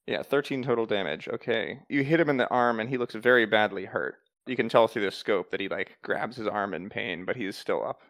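A man running a tabletop game as game master, explaining rules and narrating in a calm, matter-of-fact way. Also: on the low side, a little fast, few pauses, dry recording.

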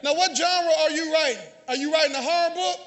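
Male pastor, very high bright voice, call-and-response sermon, long church reverb. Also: fairly quick. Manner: call-and-response preaching, often shouting. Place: church sanctuary.

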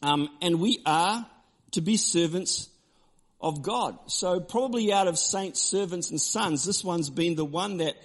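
Male pastor, high voice, emphatic sermon, repeats key lines, shifts to relaxed storytelling. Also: measured pace.

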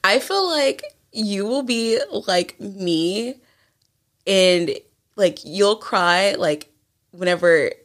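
A woman's voice: mid-range voice, lively intonation, extremely slow, a bit bright. A young woman co-hosts a casual chat. She mostly answers with short, playful, supportive remarks. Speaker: podcast co-host.

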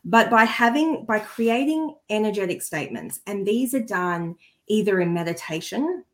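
Woman, spiritual healer, podcast chat, earnest, heartfelt, loose and conversational. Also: medium pitch. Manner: earnest and heartfelt, easily moved; chatty, with frequent restarts and asides.

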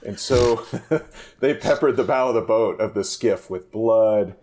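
A man with a fairly low voice, speaking as a guest in a relaxed conversation. He is a fishing guide who tells long, animated stories and often breaks off and restarts his sentences. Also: a little slow, a little hiss or hum. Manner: rambling, animated anecdotes with frequent restarts. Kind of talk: casual storytelling in a podcast interview.

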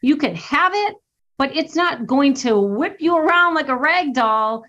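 A woman author speaking as a guest in an earnest, motivational way, sometimes acting out her own inner worries. Her voice sits slightly high. The audio sounds dull and lo-fi, like a remote call. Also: animated, a little slow, sharp tone. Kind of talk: interview conversation.

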